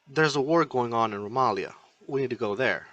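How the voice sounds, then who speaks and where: A man's voice: mid-range voice, fairly quick, a bit bright, dry recording, highs cut off, natural voice. A man voicing a pious young nobleman who asks puzzled, bewildered questions.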